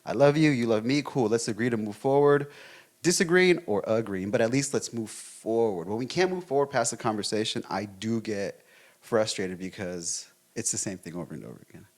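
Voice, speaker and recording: A man co-hosting a relationship podcast, debating his partner in a fast, emphatic way and swearing freely. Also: lowish voice, lively intonation, a little mellow. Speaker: podcast co-host.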